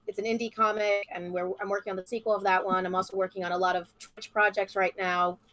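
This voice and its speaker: A woman speaking on a casual livestream, hesitant and shy, with many pauses and fillers. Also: medium pitch, level tone, a bit bright. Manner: hesitant, shy, lots of ums. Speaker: artist guest.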